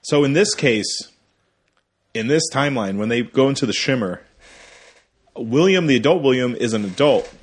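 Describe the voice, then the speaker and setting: Guy on a movie podcast, kinda husky, rambling, does goofy little character voices. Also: medium pitch, expressive, normal speed, pauses often. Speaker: podcast co-host. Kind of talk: casual movie review chat.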